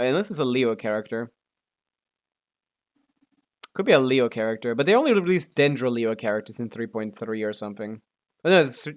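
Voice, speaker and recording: A man streaming a game, talking half to himself in loose, mumbling commentary. He corrects himself often and swears in passing, in a middle-pitched, ordinary voice.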